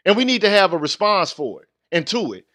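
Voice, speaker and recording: Heated high-voiced man ranting. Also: very animated, brisk, a bit bright, no room sound, clean studio sound. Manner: blunt, street slang, heated and confrontational. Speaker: channel host. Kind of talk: casual monologue to viewers.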